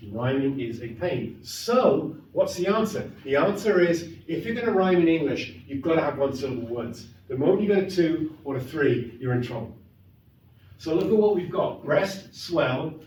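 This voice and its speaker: Enthusiastic lecturer in an echoey classroom. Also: male voice, mid-range voice, a little mellow. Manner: enthusiastic, conversational, emphatic. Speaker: literature lecturer. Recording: echoey classroom, mic far off, faint noise.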